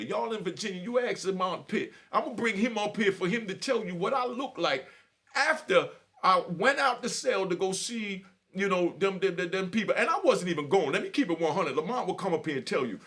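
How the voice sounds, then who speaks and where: Earnest middle-aged man, slightly high voice. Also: fairly bright tone. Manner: earnest street talk, repeats "you know what I mean". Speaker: vlogger telling prison stories. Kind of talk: emotional personal storytelling.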